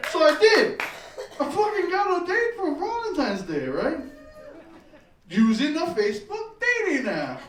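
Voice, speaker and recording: A man telling a profane, animated story in a stand-up comedy set on a club stage. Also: fairly high pitch, reverberant, far from the mic.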